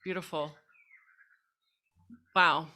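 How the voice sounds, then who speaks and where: A woman's voice: sits low, fairly even intonation, very slow, pushed and bright. A woman hosting a podcast interview, affirming her guest as she talks. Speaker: podcast host. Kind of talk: conversational interview.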